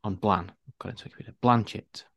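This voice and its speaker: A man's voice: on the low side, normal speed, no room sound. Wry man telling a story. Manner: wry storytelling, animated emphasis. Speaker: podcast co-host. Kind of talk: casual podcast chat.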